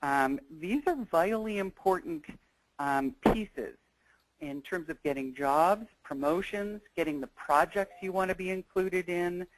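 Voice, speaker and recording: A woman's voice: on the low side, measured pace, a little hiss or hum, rough recording. A woman presenting a negotiation skills webinar, talking in a conversational, earnest way and weaving in personal stories. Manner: conversational and earnest, thinking aloud.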